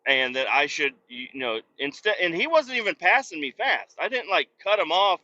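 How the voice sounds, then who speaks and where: A foul-mouthed trucker rants and mocks from the cab of his truck, his voice bright and a touch high. He rambles between yelling and mumbling asides. The recording is dull and lo-fi. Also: very animated, normal speed. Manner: profane, mocking, rambling. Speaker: truck driver and podcast host. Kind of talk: profane rant while driving. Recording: dull lo-fi sound.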